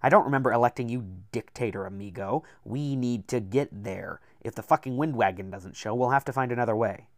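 A man voicing a brash, profane male poet who is loud and mocking, in an audiobook. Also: medium pitch, brisk, few pauses, no echo, studio quality, natural voice. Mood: scornful.

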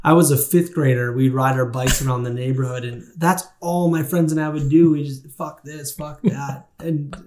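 A man's voice: mid-range voice, fairly even intonation, fairly quick, few pauses, a little mellow. A man with a Midwestern accent, chatting casually as a podcast co-host and laughing often. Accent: American Midwest. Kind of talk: casual chat.

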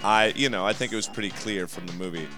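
A man's voice: lowish voice, fast, music in the background. A young man co-hosting a movie podcast, joking and laughing as he riffs through a casual discussion. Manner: animated, joking, laughs often. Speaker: podcast co-host.

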